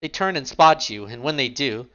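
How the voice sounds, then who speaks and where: A man's voice: mid-range voice, animated, normal speed, fairly bright tone, lo-fi sound. A man narrating a tabletop role-play game in a casual way, feeling lightheaded. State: lightheaded, unwell. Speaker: game master.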